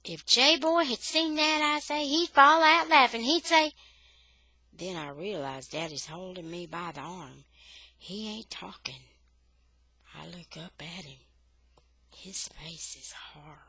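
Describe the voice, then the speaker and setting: Bright-voiced woman reading a story aloud. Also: on the low side, slow, breathy edge, dry recording, low-quality recording. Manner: expressive storytelling. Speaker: reader. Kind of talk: reading a children's novel aloud.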